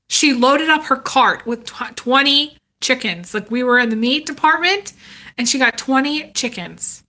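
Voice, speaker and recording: High, bright-voiced chatty woman. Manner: animated, laughs often, acts out quoted voices. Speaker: tarot reader chatting on a live stream. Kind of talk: casual storytelling chat.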